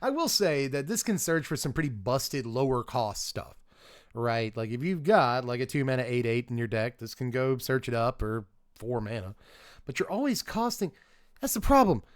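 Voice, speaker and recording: A man's voice: mid-range voice, no echo, studio quality. A man doing a casual live-stream review of game cards, chatting and thinking aloud with rambling asides and restarts.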